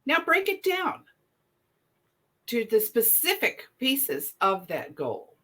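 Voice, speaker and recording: A woman co-hosting a casual chat, thoughtful and quick to laugh. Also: fairly high pitch, wildly swooping pitch, a bit bright. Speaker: podcast co-host.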